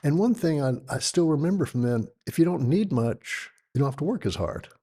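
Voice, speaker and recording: A man in his sixties from Texas, a yoga teacher telling stories as a podcast guest, lively and acting out voices. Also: fairly high pitch, a little fast, husky. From Texas, United States. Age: 60s. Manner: animated storyteller who acts out quoted voices. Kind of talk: storytelling in a conversational interview.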